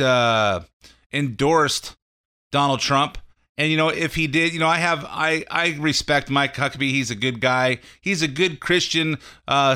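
A man's voice: mid-range voice, sharp tone, clear, resonant tone. A man hosting a call-in radio show, talking off the cuff about politics in a rambling way, full of fillers and restarts. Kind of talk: casual political commentary.

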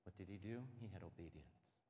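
A man preaching a sermon with a lowish voice. He moves between hushed stretches and loud, passionate ones. A long reverb from a large hall trails his words. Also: brisk. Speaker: pastor. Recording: echoey hall.

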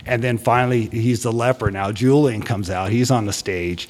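A man's voice: mid-range voice, normal speed, darkish tone. A man hosting a podcast, animatedly retelling a story in a casual way with many restarts. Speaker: podcast host.

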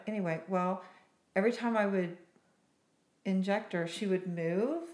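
A woman who works as a nurse injector, hosting a casual podcast chat in an animated, chatty way and laughing often. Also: mid-range voice, measured pace, pauses often. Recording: roomy echo.

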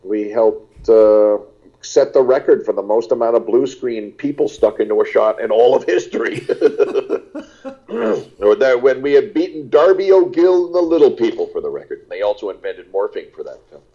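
Here the older actor guest speaks in a mid-range voice at a moderate pace, with a breathy edge over dull audio. He chats casually, wandering through lively anecdotes full of "uh"s.

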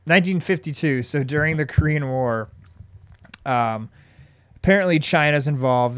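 A man with a smooth, resonant voice who talks through a story in a loose, rambling way. He pauses and restarts often while he hosts the chat. The sound is dry and close. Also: medium pitch, no room sound. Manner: rambling, with many ums and restarts. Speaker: podcast host.

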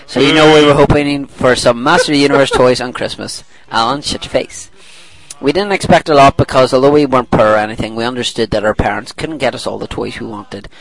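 A middle-aged man at a mid-pitched, ordinary register hosts a casual podcast. He rambles, laughs easily and trips over his words before correcting himself. He reads a listener's letter aloud in a chatty, unpolished way. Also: quick pace, vocal fry, low-quality recording. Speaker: podcast host. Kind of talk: casual chat, reading a listener email aloud.

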